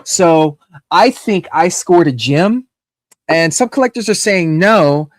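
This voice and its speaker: A man's voice: high-pitched, lively intonation, slow pace, no echo, clean studio sound. A man in casual chat, talking through his collection in a rambling way with many fillers and restarts. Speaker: guest showing his mask collection.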